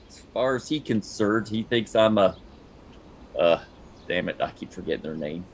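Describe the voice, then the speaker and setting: There's a little hiss or hum as a man with a lowish, expressive voice talks at normal speed. He's a tabletop role-playing game player narrating his character's actions and occasionally speaking briefly as him.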